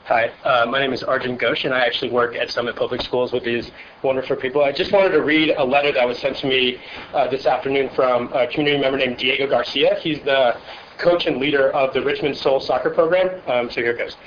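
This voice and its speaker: Man at the podium racing through a letter; muffled meeting-room audio with faint hiss. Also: mid-range voice. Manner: brisk, steady read-aloud delivery. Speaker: charter school staff reading a supporter's letter. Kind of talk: reading a letter aloud at public comment. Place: public board meeting room.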